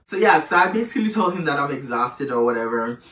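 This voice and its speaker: A man's voice: fairly high pitch, sing-song, fast, fairly bright tone, far from the mic. A man telling a candid personal story in a casual, chatty way, often calling the listener "girl", recorded in an echoey room a little away from the mic.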